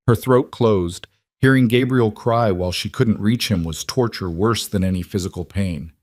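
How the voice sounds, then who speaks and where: Low-voiced male drama narrator. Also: moderate pace, a little mellow, no room sound, studio quality.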